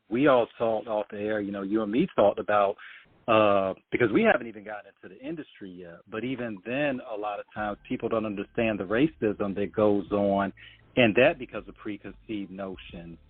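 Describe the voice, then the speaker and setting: Husky low-voiced male host, phone-thin. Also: dry recording. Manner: encouraging, quick affirmations. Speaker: radio show host. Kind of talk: casual interview. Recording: tinny phone-like line.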